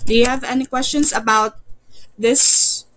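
A woman's voice: on the high side, steady tone, a little slow, fairly bright tone, a little hiss or hum, poor audio. A woman teaching an online English lesson, patient, repeating words and stammering "you, you" as she leads drills.

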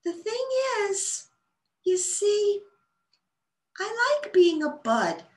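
A woman voicing a tiny, shy, teary ladybug with a squeaky, quivering voice in a storybook reading. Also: very animated, extremely slow, full character voice. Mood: pleading, tearful. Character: tiny shy crying female ladybug hiding in a bud. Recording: roomy echo.

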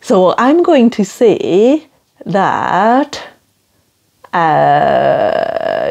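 A woman with a Geordie accent, teaching French phrases to children in a slow, playful, exaggerated way. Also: very animated, vocal fry, a little mellow. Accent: Geordie English. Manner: playful, slow and exaggerated, with big swoops in pitch. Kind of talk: children's language lesson.

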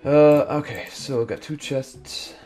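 Over soft background music, a young man provides casual let's-play commentary in a warm, medium-pitched voice, speaking a little slowly. Sleepy and yawning, he mutters to himself as he explores and sorts items.

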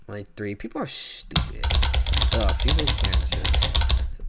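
A man playing a chat game, reading the messages aloud and reacting in a slangy, animated way. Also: lowish voice, slow, a little hiss or hum. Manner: slangy and animated, reads chat lines aloud and reacts with sudden loud outbursts. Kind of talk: casual gameplay commentary. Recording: loud game music underneath. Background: loud game music, keyboard typing.

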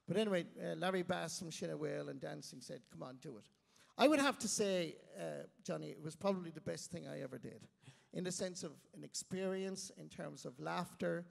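A middle-aged Irish man from County Clare, a guest telling self-mocking stories in an animated way on a live stage. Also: a little high, creaky. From Ireland, County Clare. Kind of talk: storytelling interview. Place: live stage before an audience. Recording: long reverb of a live venue.

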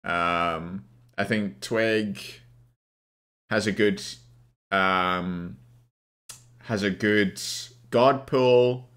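A man's voice: fairly low pitch, extremely slow, pauses often, a bit bright, smooth. A young man in a casual live stream, ranking players and ranting at his chat with plenty of swearing, hungover. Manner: swears a lot, rants at chat.

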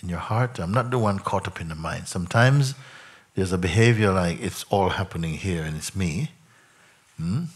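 A man as a spiritual teacher in a satsang, probing a questioner by repeating questions back in slow, reflective phrases. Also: sits low, husky. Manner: slow, reflective phrasing with frequent "you know" and "no?". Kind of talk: satsang talk answering a questioner.

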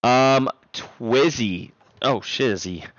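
A young man chatting casually on a live stream, loud one moment and mumbling the next. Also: medium pitch, very slow. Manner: animated, swings between loud outbursts and mumbling. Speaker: livestreamer. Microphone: streaming microphone. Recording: dry, dull lo-fi sound.

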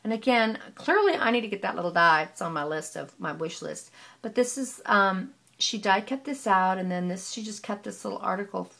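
A woman's voice: mid-range voice, a little fast, creaky, sharp tone. A woman gushing in a casual show-and-tell of handmade scrapbook pages, piling on praise and repeating words of delight. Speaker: scrapbooking vlogger.

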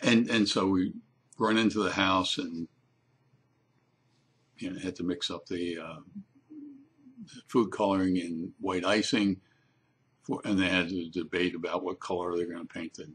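An older man telling a warm family story in a casual, unhurried way, with frequent pauses and restarts. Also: low-pitched, fairly even intonation, slightly rough.

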